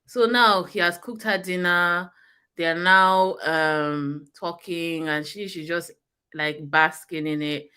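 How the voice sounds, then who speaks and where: A woman with a Nigerian accent, co-hosting a casual movie review chat and retelling scenes in an animated way. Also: lowish voice, slow, clean tone.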